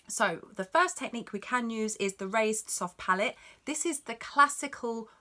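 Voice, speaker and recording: A woman's voice: a little high, lively intonation, moderate pace, sharp tone. A woman giving a singing lesson, explaining technique in an encouraging, instructive way. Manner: encouraging, instructive, demonstrates notes. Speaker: singing teacher. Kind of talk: vocal lesson talk.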